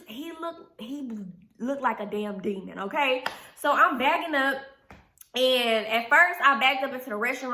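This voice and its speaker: A young adult woman telling a story to her viewers in an animated, profane way, often turning to the audience. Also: high voice, echoey room. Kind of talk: casual storytime.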